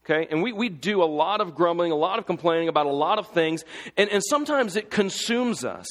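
Guy preaching in a church, kinda high voice, big long echo off the hall, fired up and asking the crowd questions. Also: animated, fairly quick, a bit bright. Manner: impassioned preaching with rhetorical questions. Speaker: pastor. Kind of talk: sermon.

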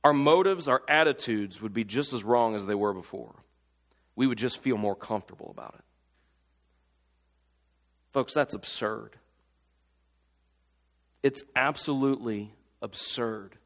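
A man's voice: medium pitch, unhurried, pauses often, a bit bright. Impassioned preacher man in reverberant hall. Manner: impassioned preaching with rhetorical questions. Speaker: pastor. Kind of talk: sermon.

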